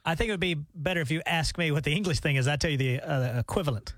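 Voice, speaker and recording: A man co-hosting a morning radio show, giving quick, teasing replies in casual banter. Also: on the high side, a bit bright, dry recording. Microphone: studio microphone.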